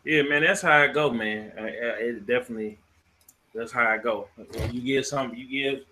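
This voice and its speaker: A laid-back man co-hosts a casual podcast, often restarting his sentences. His voice is bright and forceful, at a middle pitch. A faint hiss runs under the recording. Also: moderate pace. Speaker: podcast co-host.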